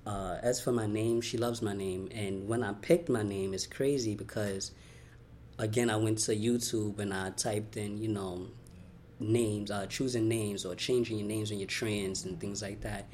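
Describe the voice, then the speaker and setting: A young man from Brooklyn, telling his life story in an interview, candid and heartfelt, talking in quick runs with lots of "you know" and "like.". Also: fairly low pitch, fairly even intonation, a little mellow. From Brooklyn, New York. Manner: candid, fast-flowing, heartfelt, many "you know" and "like" fillers. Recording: faint background noise.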